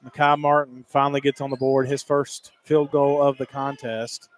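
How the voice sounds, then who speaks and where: A man calling high school basketball play-by-play, rapid and excitable, climbing higher on big plays. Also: slight background noise. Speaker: play-by-play announcer.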